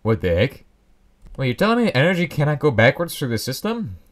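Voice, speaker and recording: A man's voice: medium pitch, very animated, fairly quick. A young man casually commenting on his own gameplay, rambling and joking at his own expense. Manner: rambling, self-mocking, joking asides. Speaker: Let's Play host.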